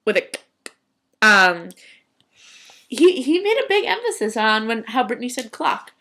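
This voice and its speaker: A woman's voice: fairly high pitch, big pitch swings, moderate pace, pauses often, bright, forceful tone. A young woman chatting casually in a video journal about a student theater trip, rambling with many ums and restarts.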